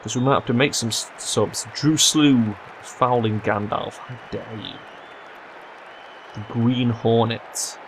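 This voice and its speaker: A young man commentating his own football management game, swearing and yelling at his players when they mess up. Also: medium pitch, measured pace, few pauses, a faint crowd, slight background noise. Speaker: gaming commentator. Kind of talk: let's play commentary.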